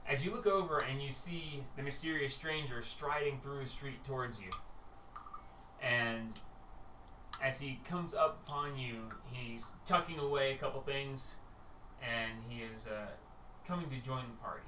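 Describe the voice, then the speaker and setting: A man's voice: medium pitch, unhurried, pushed and bright, slight background noise. A man narrating as game master of a tabletop game, rambling with fillers. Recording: roomy distant mic, faint ambience.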